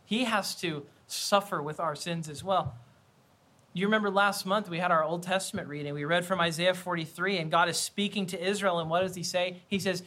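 A man's voice: high voice, steady tone, brisk, sharp tone. A man preaching a sermon in an earnest, conversational way, often repeating and restarting phrases. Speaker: pastor.

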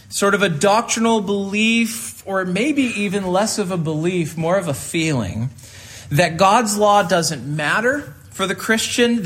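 Guy pastor preaching, kinda high voice, earnest and chatty with lots of ums. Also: a bit bright. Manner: earnest, conversational preaching with frequent fillers. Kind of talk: sermon.

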